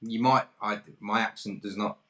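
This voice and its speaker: A man's voice: on the low side, fairly even intonation, normal speed, a bit bright. A man from England hosting an online pub quiz, reading questions in a jokey, self-deprecating way. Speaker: quiz host.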